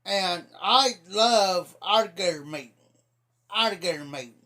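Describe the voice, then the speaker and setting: A man's voice: high-pitched, lively intonation, a little slow, bright, forceful tone. A middle-aged man from Ohio telling rambling folksy stories on a casual livestream, repeating "I said" as he goes. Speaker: livestream host. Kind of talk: casual storytelling chat.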